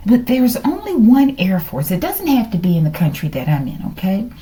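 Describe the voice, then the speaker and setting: A woman's voice: medium pitch, wildly swooping pitch, moderate pace, warm tone. A middle-aged woman giving a casual tarot reading, musing aloud, questioning the cards and sometimes dropping to a whisper. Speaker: tarot reader.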